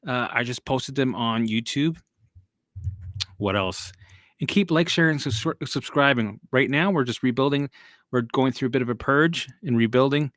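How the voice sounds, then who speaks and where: A man with a mid-range, fairly bright voice hosts a casual live stream at normal speed, chatting loosely and answering viewer comments. The sound is clean studio audio with no echo.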